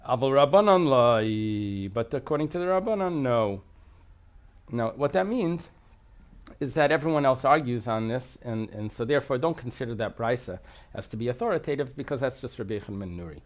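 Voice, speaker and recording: A man's voice: mid-range voice, animated, fairly quick. Male Talmud teacher; explanatory, reads a line then translates it. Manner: reads Aramaic aloud then translates, thinking aloud. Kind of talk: explanatory lesson.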